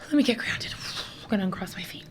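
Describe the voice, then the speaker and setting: A woman's voice: mid-range voice, expressive, fast, slightly rough. A woman giving a casual tarot reading to her viewers, chatty and rambling with many fillers, and easily moved to emotion. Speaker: tarot reader.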